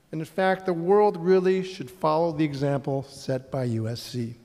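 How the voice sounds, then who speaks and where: A middle-aged man speaks on a conference stage with a slightly raised pitch, earnest and upbeat, now and then pausing on an "um". His voice rings out with a long reverb from the big hall around him. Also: a little mellow. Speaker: panel moderator. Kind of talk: conference panel moderating.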